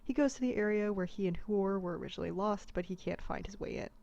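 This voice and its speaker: A woman's voice: mid-range voice, fast, gravelly, dark tone, lo-fi sound. A woman narrating a comedic abridged retelling in a casual, irreverent way.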